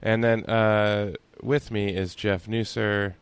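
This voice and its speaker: A low, flat-voiced man with a gravelly yet smooth tone, co-hosting a sports podcast. He tells relaxed, rambling stories full of fillers. The sound is close and dry. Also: slow pace, dry recording. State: on vacation, upbeat. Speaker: podcast co-host. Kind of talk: casual sports chat. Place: hotel room.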